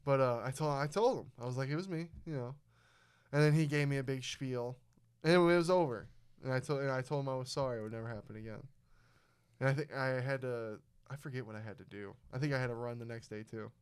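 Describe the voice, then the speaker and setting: A young man telling a story on a casual podcast, swearing freely and talking with animation. His voice is smooth and resonant, pitched in the middle for a man. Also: fast. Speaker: podcast host. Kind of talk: casual chat.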